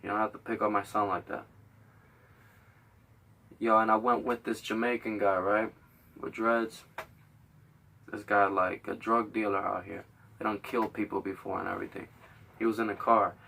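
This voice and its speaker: A man's voice: fairly low pitch, little pitch movement, normal speed, creaky, pauses often, bright, forceful tone, distant mic. A young man hosting a show, telling a heated, profane story full of acted-out quotes. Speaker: podcast host.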